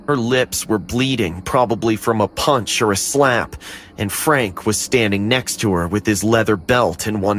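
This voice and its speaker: A man narrating a scripted horror story in the first person, steady and dramatic. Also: fairly low pitch, slight background noise.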